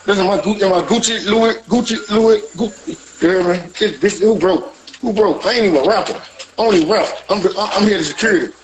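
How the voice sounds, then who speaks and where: Fast-talking high-voiced man, rambling. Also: poor audio. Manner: rambling, repeats "you hear me". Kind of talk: casual banter.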